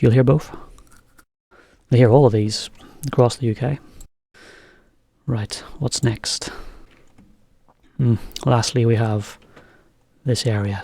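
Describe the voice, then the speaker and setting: Brief: male English teacher, casual chatty lesson, mellow tone, mid pitch, dry sound. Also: gravelly, dry recording. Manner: relaxed, chatty, explains as he goes.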